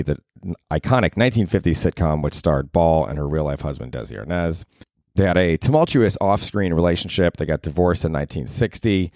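Low-voiced male podcast host, profane and rambling, dry close sound. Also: darkish tone, no echo. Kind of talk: casual solo podcast monologue. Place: his apartment at night.

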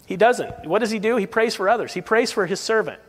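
Earnest pastor preaching in a reverberant hall. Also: male voice, high voice, faint music behind. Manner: earnest, slows down to stress key lines. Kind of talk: verse-by-verse sermon. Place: church service.

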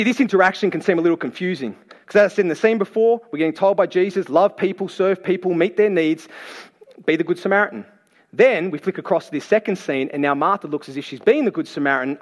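A man preaching a sermon, telling the story in a lively, playful way and acting out the people in it. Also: a little high. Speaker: pastor.

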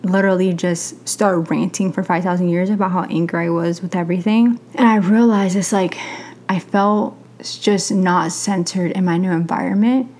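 A young adult woman hosting a podcast, telling a personal story in a candid, animated way and acting out other people's lines. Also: lowish voice, normal speed, slight background noise. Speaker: podcast host.

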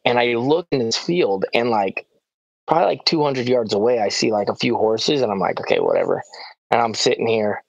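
A male podcast co-host telling a story in a casual chat, excitable and animated, with lots of "like" and "dude". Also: mid-range voice, moderate pace, no room sound, muffled recording.

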